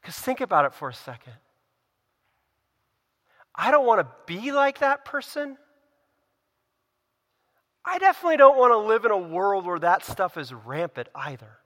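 Preaching man with bright, echoing voice. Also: very animated, moderate pace, pauses often. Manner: earnest preaching, swings between loud emphasis and hushed low lines. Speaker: pastor. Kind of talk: sermon. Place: church sanctuary. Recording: long reverb of a church hall.

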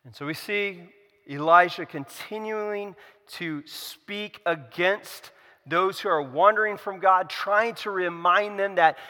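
A man's voice: high voice, slow, sharp tone. A man preaching a sermon, retelling a scripture story with sarcastic asides. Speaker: pastor. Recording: long hall reverb.

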